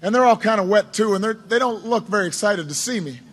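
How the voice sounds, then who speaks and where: A man's voice: sits high, animated, fast talker, a bit bright, breathy edge. A man giving a campaign speech to supporters, telling a long story with wry asides and frequent self-repeats. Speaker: politician addressing supporters. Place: indoors at a campaign office.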